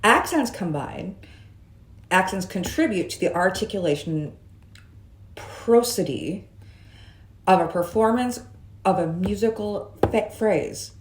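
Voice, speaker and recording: A woman's voice: mid-range voice, animated, takes it slowly, pauses often, a little hiss or hum. A woman vlogging in a chatty, musing way, with jokey asides, talking from her room. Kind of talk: casual vlog monologue. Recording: roomy echo.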